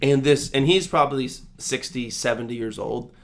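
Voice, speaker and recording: A man's voice: mid-range voice, normal speed, creaky. Chill young guy on a podcast, rambling story, says dude and bro a lot. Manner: animated storyteller, acts out voices, laughs often. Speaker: podcast co-host. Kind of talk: casual chat.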